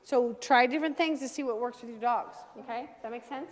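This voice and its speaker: High-voiced woman coaching a dog class. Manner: brisk coaching, gives direct commands to owners and dogs. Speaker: dog trainer. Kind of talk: hands-on class instruction. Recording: long reverb from a large room.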